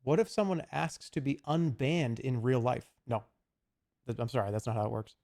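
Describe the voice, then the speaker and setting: Rambling gravelly-voiced man streamer. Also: medium pitch, moderate pace, a little mellow. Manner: rambling, profane, slips into goofy put-on voices. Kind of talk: casual stream chat.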